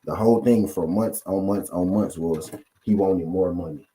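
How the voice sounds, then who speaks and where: Deep, dark-voiced man ranting about boxing. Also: normal speed, a little hiss or hum. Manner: repetitive, full of rhetorical questions to viewers. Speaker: boxing commentary channel host. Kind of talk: casual boxing commentary rant.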